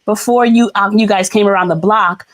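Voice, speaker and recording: A woman retelling a story in casual chat, lively and laughing. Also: medium pitch, normal speed.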